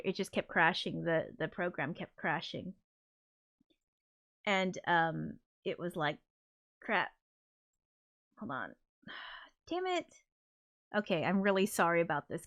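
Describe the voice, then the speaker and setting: A woman's voice: mid-range voice, fairly bright tone. A woman hosting a casual livestream, flustered and apologetic as she talks, swearing under her breath. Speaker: livestream host.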